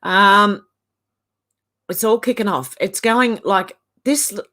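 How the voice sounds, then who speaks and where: This Australian woman's voice is medium-pitched, pushed and bright, and she talks slowly. Hosting a livestream, she casually reads out comments from the chat and chuckles a lot.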